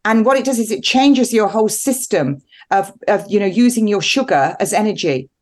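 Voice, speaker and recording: A woman's voice: mid-range voice, lively intonation, normal speed. A woman nurse prescriber talking as an interview guest, emphatic and rambling, with a defiant edge. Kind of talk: animated interview talk.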